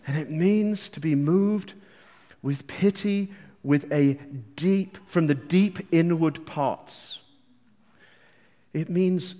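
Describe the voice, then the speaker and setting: A high-pitched English man preaches with fervor, dropping to near-whispers and then rising to loud outbursts. He teases his congregation with quick asides, and his voice rings out with a long reverb, as in a large church hall. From England. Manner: passionate, swinging from hushed to loud outbursts. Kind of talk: sermon.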